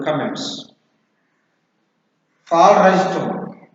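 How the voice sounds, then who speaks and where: A male college lecturer dictating a lesson slowly, repeating each phrase so students can write it down. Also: a little high. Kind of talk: slow dictation to a class. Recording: echoey distant hall, lo-fi.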